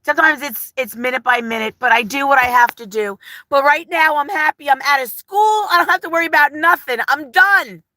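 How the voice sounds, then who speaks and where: A middle-aged woman chatting live into a phone held in her hand from her parked car, speaking gently and from the heart, rambling with fillers as she reads viewer comments. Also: sits high, a little fast, no room sound. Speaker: vlogger on a livestream. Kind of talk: casual live chat, reading comments.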